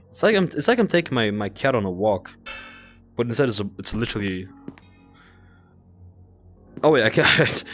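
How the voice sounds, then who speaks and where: A young man giving casual commentary while he plays a game, excitable and cooing at a creature in baby talk. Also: medium pitch, fairly quick, long pauses. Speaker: gaming video creator.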